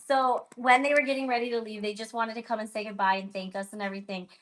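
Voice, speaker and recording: A woman co-hosting a pin sale livestream, chatting casually, bubbly and quick to laugh. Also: a little high, fairly even intonation. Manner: bubbly, laughs often, emotional. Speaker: co-host of pin sale stream. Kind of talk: casual chat.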